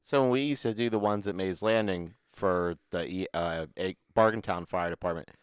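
A man's voice: deep voice, moderate pace, clean tone, no room sound. A man co-hosting a casual podcast, talking in a laid-back, profane way and chuckling often. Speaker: podcast co-host. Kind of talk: casual chat.

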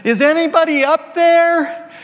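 A man doing a shrill, panicked cliff-hanger. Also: fairly even intonation, unhurried. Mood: desperate. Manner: shrill desperate shouting.

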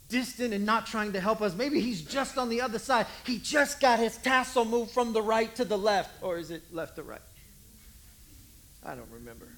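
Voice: medium pitch, big pitch swings, moderate pace, a bit bright. A pastor giving a conversational sermon, repeating key lines for emphasis. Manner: conversational, acts out voices, emphatic repetition.

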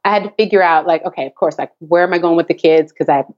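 Low-voiced woman, animated and dull-sounding. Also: quick pace. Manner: animated storyteller, laughs often, acts out her child's voice. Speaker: guest, tap dance teacher and course creator. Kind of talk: casual interview chat. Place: home office at the back of the garage.

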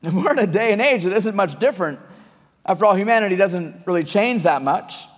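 A man's voice: sits high, animated, a little fast. A male pastor preaching a conversational sermon to his church, often restarting and repeating words. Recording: long hall reverb.

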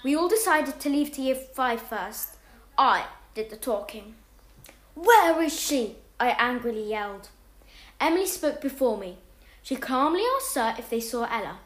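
A woman reading a homemade story aloud, animated, jumping up in pitch and loudness whenever a character speaks. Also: moderate pace, reverberant.

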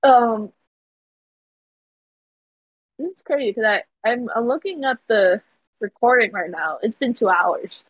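Husky young woman, halting podcast chat. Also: a little high, animated, dry recording. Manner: halting, giggly, trails off. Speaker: podcast co-host. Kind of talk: casual chat. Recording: dull lo-fi home mic.

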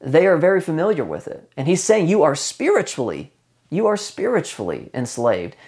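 A man preaching a sermon in a conversational way. He slows down for emphasis and repeats key phrases. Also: a little high, very animated, a little mellow. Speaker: pastor.

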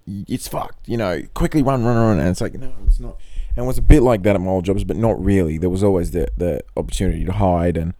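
A man's voice: deep voice, quick pace, hardly any pauses, warm tone. A man casually rambling through a solo podcast monologue, full of swearing and offhand jokes. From not from Australia. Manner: rambling, profane, joking. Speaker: podcast host. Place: in Australia.

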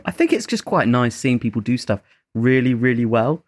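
A man's voice: mid-range voice, big pitch swings, normal speed, no room sound. A man chatting casually as a podcast co-host, rambling a little and correcting himself as he goes. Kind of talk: casual chat.

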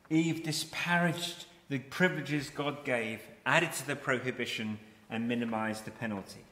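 A man's voice: medium pitch, a bit bright. A man preaching a sermon, reading scripture passages aloud and explaining them verse by verse. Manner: expository, reads scripture aloud then explains it. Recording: echoey hall.

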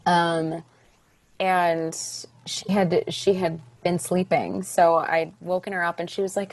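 A young woman, a stage actress, chatting as a podcast guest, telling her story with lively acted-out quotes. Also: lowish voice, a little slow. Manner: animated, acts out quoted voices. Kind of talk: casual interview storytelling.

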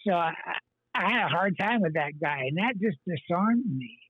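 Husky man with a tinny phone sound. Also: sits high, expressive, moderate pace, no room sound. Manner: rambling and earnest, many fillers and restarts. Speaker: pastor, guest. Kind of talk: telling his life story in an interview.

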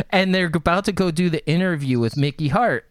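Animated man telling stories. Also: high-pitched, normal speed, dry recording, clean studio sound. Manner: animated, laughing, doing voices of people in his stories. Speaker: guest, interviewer and music manager. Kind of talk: casual storytelling.

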